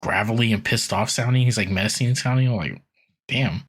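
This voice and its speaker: Low husky dude rambling through an episode recap, tons of likes, does little quotes. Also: male voice, brisk. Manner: rambling, filler-heavy, acts out quotes. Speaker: podcast co-host recapping an episode. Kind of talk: casual chat, animated retelling.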